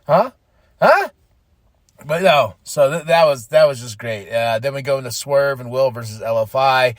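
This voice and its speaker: A man hosting a podcast, giving an excitable, casual recap of a wrestling show and acting out the wrestlers' lines. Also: mid-range voice, normal speed, no echo. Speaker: podcast host.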